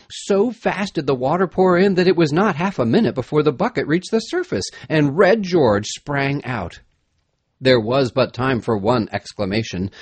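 A man reading an adventure story aloud in an expressive, dramatic manner. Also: medium pitch, slightly rough, no room sound. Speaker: narrator. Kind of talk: storybook narration.

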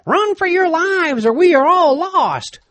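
A man voicing a panicked adult male miner who frantically shouts a warning. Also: extremely high pitch, expressive, a little slow, voice pushed up, exaggerated voice.

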